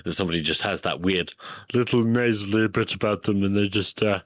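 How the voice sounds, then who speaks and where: A man's voice: lowish voice, fairly quick, no echo. A man co-hosting a book podcast, explaining things in an easygoing way. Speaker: podcast co-host. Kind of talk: casual book discussion.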